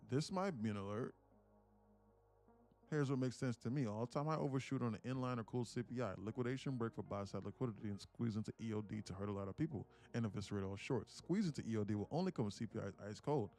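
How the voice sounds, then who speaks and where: A man's voice: lowish voice, quick pace, darkish tone, soft background music. A man hosting a live day-trading stream, chatting casually, laughing often and repeating words as he thinks. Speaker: day-trading livestream host.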